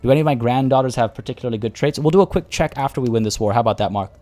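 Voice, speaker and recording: A man's voice: mid-range voice, very fast, mellow, faint music behind. A man streaming a strategy game, talking casually to his chat as he plays. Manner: chatty, thinking aloud and answering chat. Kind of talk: casual live-stream commentary.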